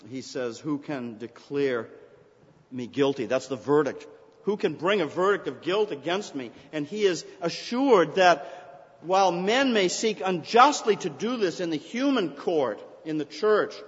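A man preaching a sermon, explaining scripture earnestly and lifting his voice when he reads the verses aloud. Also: on the high side. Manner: earnest, rising to emphatic scripture readings. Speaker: pastor. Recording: dull recording in a reverberant hall.

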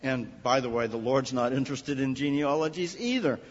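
A man preaching an expository sermon, animated and raising his voice on quoted lines. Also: medium pitch, normal speed, husky. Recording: dull lo-fi recording with long hall reverb.

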